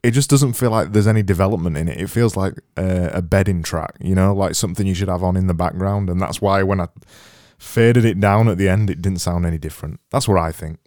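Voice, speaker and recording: A Yorkshire man with a very low voice hosts a relaxed chat about songs. He is chatty and pokes fun at himself. The sound is dry and close. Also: no echo. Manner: chatty, self-deprecating, quick asides. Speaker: radio-style show host. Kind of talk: casual chat reviewing songs.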